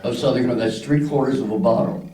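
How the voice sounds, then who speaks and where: A man's voice: mid-range voice, fairly even intonation, fast talker, warm tone, reverberant, distant mic, low-quality recording. An older man from Philadelphia doing a crude stand-up routine, acting out the people in his stories. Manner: crude storytelling with voices for characters. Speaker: stand-up comedian. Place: club stage.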